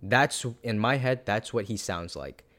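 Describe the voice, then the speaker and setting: A man co-hosting a podcast, rambling and animated in casual chat, swearing now and then. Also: fairly low pitch, measured pace. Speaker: podcast co-host.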